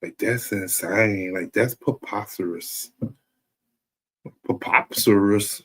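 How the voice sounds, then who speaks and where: A man's voice: fairly low pitch, fairly even intonation, normal speed, creaky. A man talking in a loose, rambling comedic monologue as a stream host, often checking in with "you know what I'm saying". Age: adult.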